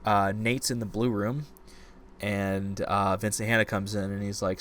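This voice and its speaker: Low-voiced man, animated book-club rant. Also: measured pace, a little hiss or hum. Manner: animated, ranting retellings. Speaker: podcast co-host. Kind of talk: casual book discussion.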